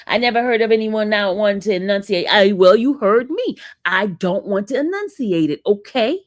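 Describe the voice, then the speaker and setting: A woman's voice: a little high, lively intonation, moderate pace, few pauses, no echo, clean studio sound. Sassy East Coast woman livestreaming. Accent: East Coast American. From northern US. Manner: sassy, teasing, talks back to chat. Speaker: livestream host. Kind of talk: casual livestream chat with viewers.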